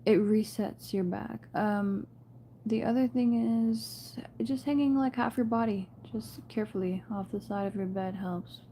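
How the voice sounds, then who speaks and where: A woman's voice: mid-range voice, measured pace, warm tone, slight background noise. Chatty woman giving a spiritual reading. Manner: chatty, laughs often, addresses viewers as "you guys" and "y'all". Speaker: tarot reader. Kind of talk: casual spiritual reading to camera.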